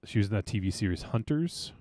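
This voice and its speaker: A man's voice: fairly low pitch, animated, quick pace, mellow, no room sound. A man hosting a podcast, chatting casually about a film and rambling with many fillers and restarts. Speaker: podcast host.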